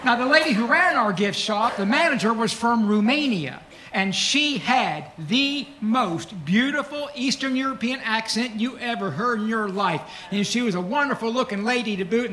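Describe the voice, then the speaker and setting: High-voiced middle-aged comedian. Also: male voice, moderate pace, slight background noise. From Kentucky, USA. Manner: folksy, deadpan punchlines. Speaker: stand-up comedian. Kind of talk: stand-up comedy storytelling.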